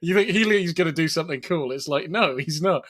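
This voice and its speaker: A man's voice: a little high, a little fast, a bit bright. A man co-hosting a film podcast in casual chat, laughing often as he retells funny scenes and quotes their lines. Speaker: podcast co-host.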